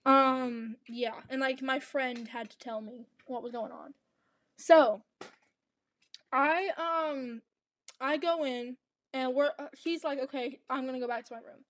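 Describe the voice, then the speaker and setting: A young woman co-hosting a casual podcast, her voice high and chatty. She rambles through her story with plenty of restarts. The sound is dry and close, with no room echo. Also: unhurried, fairly bright tone. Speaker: podcast co-host. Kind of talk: casual chat.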